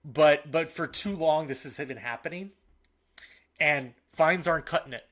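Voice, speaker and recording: A man co-hosting a casual sports podcast. He talks in an animated, opinionated way and often restarts his sentences. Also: on the high side, unhurried. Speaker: podcast co-host.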